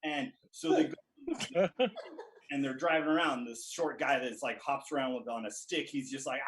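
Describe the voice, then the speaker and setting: A man's voice: a little high, animated, a bit bright, poor audio. Crude rambling male comedian. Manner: rapid, crude, laughs at own jokes. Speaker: comedian contestant. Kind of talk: rambling comic movie retelling.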